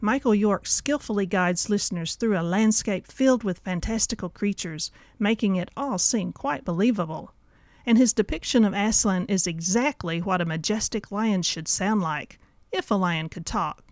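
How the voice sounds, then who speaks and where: A woman host presents a book review from a script, her delivery measured and clear. The recording is dry and close, with an even, mid pitch. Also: no echo. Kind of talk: scripted narration.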